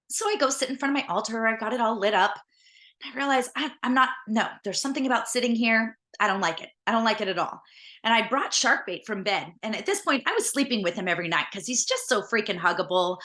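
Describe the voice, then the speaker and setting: Bright-voiced woman telling a personal story. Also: on the high side, expressive, fast. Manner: earnest, conversational, retelling events vividly. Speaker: podcast host.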